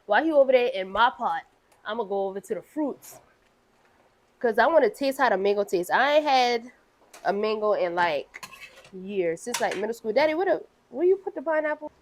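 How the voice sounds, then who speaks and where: A woman's voice: mid-range voice, normal speed. A young woman, casually hosting a cooking show and chatting through the ingredients. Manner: chatty and playful, walks viewers through ingredients.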